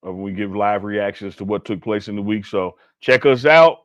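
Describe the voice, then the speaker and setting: Low-voiced guy co-hosting sports talk, slangy and emphatic, dry close sound. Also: moderate pace, no echo, lo-fi sound. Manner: storytelling, emphatic, laid-back slang. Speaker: co-host.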